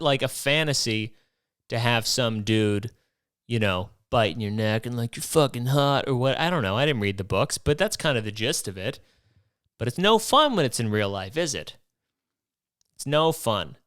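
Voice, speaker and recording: A young man's expressive, slightly bright mid-range voice moves at a moderate pace as he hosts a podcast. His comedic rant monologue is full of swearing, rambling, and rhetorical questions. The recording is dry and studio quality.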